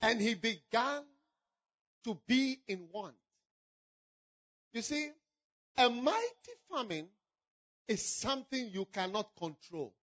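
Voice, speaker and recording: A man preaching an impassioned sermon, with fervent, repetitive appeals and frequent shouting. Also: extremely high pitch, big pitch swings, slow, pauses often. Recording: dull lo-fi recording.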